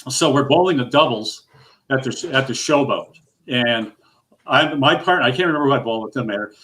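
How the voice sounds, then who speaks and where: A man's voice: mid-range voice, lively intonation, a little fast, fairly bright tone. An older man telling a long, rambling bowling story in casual chat, full of restarts and his own laughter. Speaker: guest storyteller.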